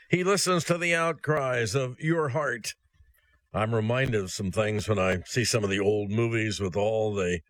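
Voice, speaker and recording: Male radio preacher, middle pitch, earnest and folksy, dry close mic. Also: fairly bright tone, no room sound. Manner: earnest, direct address to listener; rhetorical questions, folksy asides. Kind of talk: short radio sermon.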